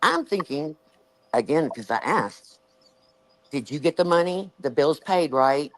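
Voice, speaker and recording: A woman with a Southern US accent, hosting a show and telling a story in casual chat, animated and acting out the voices she quotes. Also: sits low, unhurried, a little hiss or hum, low-quality recording. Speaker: show host.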